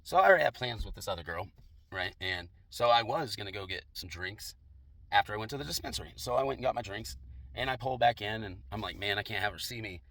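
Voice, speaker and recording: A man's voice: fairly low pitch, lively intonation, fast talker, a bit bright. A young man telling a casual, profane personal anecdote in a laid-back way, laughing along. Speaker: storyteller.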